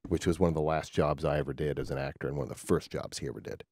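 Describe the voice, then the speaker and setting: A man speaks with a very low pitch, answering calmly and thoughtfully about his past work. The recording is dry and close. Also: rapid-fire, no echo. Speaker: guest. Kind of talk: casual interview answers.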